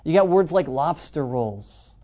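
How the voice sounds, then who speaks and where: An energetic man hosting a live marketing webinar. His voice sits a little high but has a dark, mellow tone. He speaks straight to his audience and keeps checking in with them. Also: a little slow. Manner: energetic, addresses audience directly, frequent "okay?" check-ins. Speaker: webinar host.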